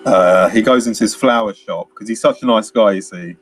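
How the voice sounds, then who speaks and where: A man with a lowish voice talks fairly quickly as co-host of a casual film podcast, with slight background noise audible. He rambles through scenes, laughs a lot, and acts out bits of dialogue.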